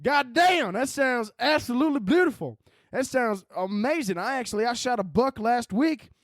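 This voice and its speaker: A man's voice: extremely high pitch, animated, moderate pace, no room sound, clean studio sound, pitched above the performer's own voice. A man voicing a crude, boastful Southern redneck with a put-on Southern US accent, drawling and profane. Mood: swaggering.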